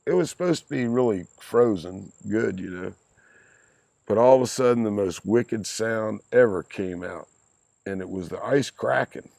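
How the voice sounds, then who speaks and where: A man in his sixties telling lively stories from his youth in a casual chat, with salty language and chuckles. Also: on the low side, normal speed, gravelly, dry recording. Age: 60s. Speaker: podcast guest, host's father. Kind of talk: casual storytelling.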